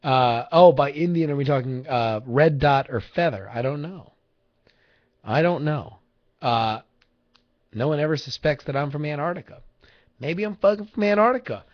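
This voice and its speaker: A man's voice: mid-range voice, moderate pace, a little mellow. A man hosting a casual livestream, rambling, swearing freely and joking with viewers in chat. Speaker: livestream host. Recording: lo-fi livestream audio.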